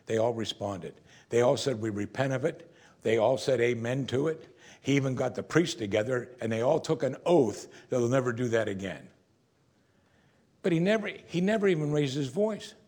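A man's voice: medium pitch, expressive, normal speed, a little mellow. A man preaching an earnest sermon, raising and dropping his voice for emphasis. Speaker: pastor.

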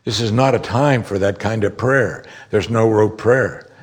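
A man preaching a conversational sermon, explaining scripture and rising sharply in pitch when he makes a strong point. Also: unhurried. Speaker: pastor.

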